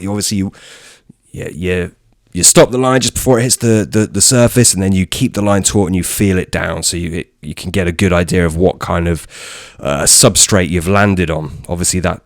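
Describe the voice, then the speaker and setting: A man's voice: low-pitched, dry recording. Chatty man, dry close sound. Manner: chatty, jokey, many restarts. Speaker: podcast co-host. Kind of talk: casual podcast chat.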